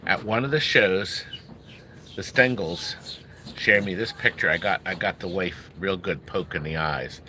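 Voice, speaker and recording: A man's voice: low-pitched, measured pace, pushed and bright. Chatty middle-aged man hosting a livestream. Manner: rambling, chatty, talks to viewers by name. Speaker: livestream host selling arcade games. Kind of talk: casual livestream chat. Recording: noisy room ambience.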